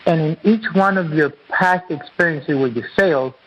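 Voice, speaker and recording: A man's voice: on the high side, normal speed, fairly bright tone, husky, rough recording. A man guest, an author and acupuncturist, explaining his teaching in an earnest, repetitive, teacherly way during an interview.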